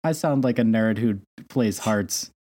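A woman's voice: a bass voice, measured pace, warm tone. A woman playing a tabletop game, giggly and self-deprecating in casual chat. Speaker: player.

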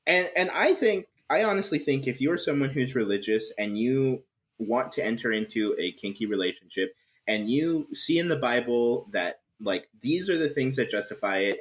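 A young man chats on a podcast, frank and quick to swear. His pitch swings widely as he talks. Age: young adult. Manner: animated, frank, swears freely. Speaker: podcast guest. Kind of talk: casual chat.

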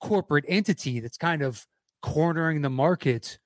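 A man's voice: a little high, moderate pace, no echo, clean studio sound. A man co-hosting a casual movie chat, wry and profane, fond of telling stories. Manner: wry, storytelling, swearing.

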